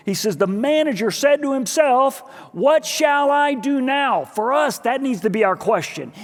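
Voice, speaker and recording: A man preaching a sermon as pastor, telling a story with lively acted-out dialogue. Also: fairly high pitch. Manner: animated storytelling, acting out dialogue in his own voice. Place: church sanctuary. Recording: church hall with long reverb.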